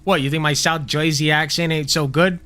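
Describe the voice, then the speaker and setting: A man's voice: fairly high pitch, steady tone, brisk, bright, forceful tone. A man streaming a video game, reacting with profane, joking asides in casual commentary.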